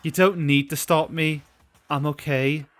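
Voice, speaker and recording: A powerful martial-artist woman speaks in firm, protective, threatening tones, as a male streamer puts her on. The voice is bright and slightly raised, with game music underneath. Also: fairly high pitch, steady tone, unhurried. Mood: stern.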